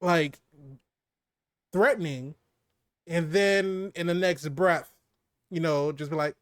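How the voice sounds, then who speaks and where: Male podcast co-host, slightly high voice, dry close-mic sound, lively and laughing, drops low to make a point. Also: slow pace, clear, resonant tone, dry recording. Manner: animated, laughs often, drops low for emphasis. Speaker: movie review co-host. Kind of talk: casual movie review chat.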